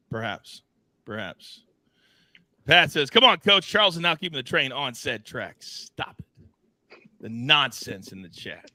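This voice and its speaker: A man hosting a live sports betting show, teasing his co-hosts and reading chat in a playful, animated way. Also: fairly high pitch, a little slow, no echo. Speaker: host.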